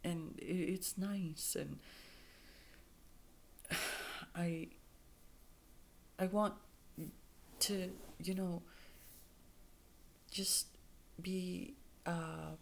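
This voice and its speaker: A woman's voice: lowish voice, steady tone, very slow, gravelly, pauses often, a little hiss or hum. A woman vlogging about her life in a candid monologue, blunt and straightforward, swearing freely and rambling with many restarts.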